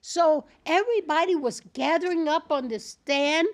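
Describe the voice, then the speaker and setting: An older woman, a podcast guest, telling a lively anecdote in casual chat, laughing and acting out the people in her story. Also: high-pitched, moderate pace, no echo.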